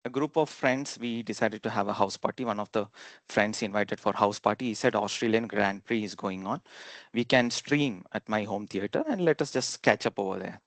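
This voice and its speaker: A man's voice: fairly low pitch, moderate pace, no echo. A man from India, giving a talk to an audience and telling humorous personal stories, now and then chuckling and acting out quotes.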